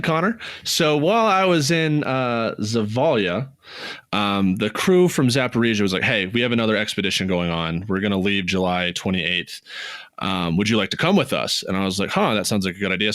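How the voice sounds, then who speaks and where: A man co-hosting a podcast, telling a travel story in casual chat, swearing freely, his voice jumping high when he gets excited. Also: fairly quick, no echo, studio quality. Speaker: podcast co-host.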